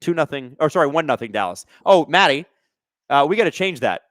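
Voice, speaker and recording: A man hosting a live hockey watch-along stream, commenting casually on the play and reading chat, excitable and sarcastic, swearing at the refs. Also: fairly high pitch, fairly quick, no room sound, studio quality.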